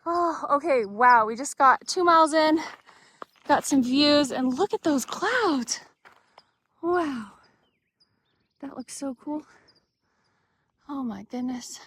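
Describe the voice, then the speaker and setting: A woman's voice: high-pitched, animated, slow pace, pauses often, fairly bright tone. A woman vlogging on a desert mountain trail, chatty and exclaiming often at the views while she walks with a handheld camera. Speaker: thru-hiker vlogger. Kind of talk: casual trail vlog narration.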